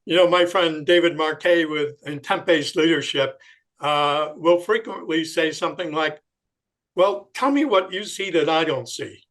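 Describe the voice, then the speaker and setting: A man hosting an interview, his voice pitched a bit above most men's. He asks thoughtful questions at a measured pace. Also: a bit bright. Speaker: interviewer, host.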